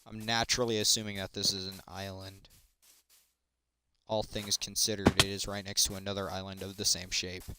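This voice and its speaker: A man's voice: deep voice, little pitch movement, moderate pace, noisy background. A man streaming a video game, talking to himself in a rambling, jokey way as he plays. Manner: rambling self-talk, jokey asides. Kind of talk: casual gaming commentary.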